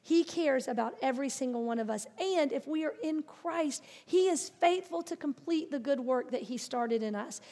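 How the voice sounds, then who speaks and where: A woman's voice: high voice, animated, moderate pace, few pauses, dark tone. A middle-aged woman preaching a sermon, earnest and encouraging, with playful asides. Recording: long reverb of a large hall.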